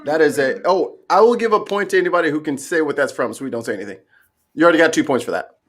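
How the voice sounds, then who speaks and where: A man's voice: on the high side, animated, racing. A man hosting a casual livestream chat over a video call, playful and goofy, laughing often as he runs a points game. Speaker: host.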